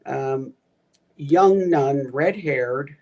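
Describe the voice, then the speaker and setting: A man's voice: medium pitch, extremely slow, darkish tone. A man co-hosting a casual talk show, chiming in with short questions and his own story. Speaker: co-host.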